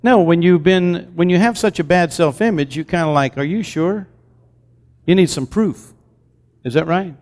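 A man's voice: on the high side, moderate pace, a little mellow. Man preaching in a reverberant hall. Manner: preaching with call-and-response questions to the congregation; conversational storytelling. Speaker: pastor. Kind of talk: sermon. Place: church sanctuary. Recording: long reverb from a large hall.

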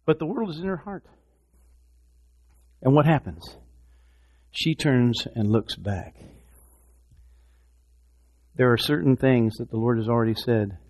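A man preaching a sermon, swinging from hushed, repeated words to loud, impassioned exhortation. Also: medium pitch, expressive, a little slow, long pauses. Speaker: pastor.

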